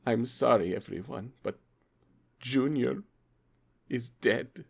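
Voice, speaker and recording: A man's voice: mid-range voice, slow, gravelly. A man voicing a solemn cartoon doctor with a British accent.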